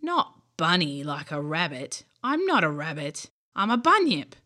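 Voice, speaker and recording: A woman voicing a shaggy, gentle, clumsy bunyip swamp creature in a bedtime story. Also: sing-song, a little slow, full character voice. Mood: amused. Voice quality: deep voice.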